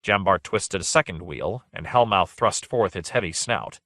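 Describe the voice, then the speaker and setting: A man narrating an audiobook in a steady, measured way. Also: sits low, no room sound, studio quality. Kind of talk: scripted narration.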